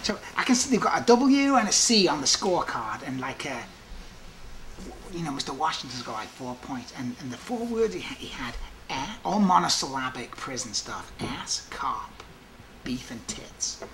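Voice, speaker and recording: A man working as a prison guard, telling stories from the job in a restless, animated way full of asides. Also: medium pitch, normal speed, a little hiss or hum. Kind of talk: storytelling monologue.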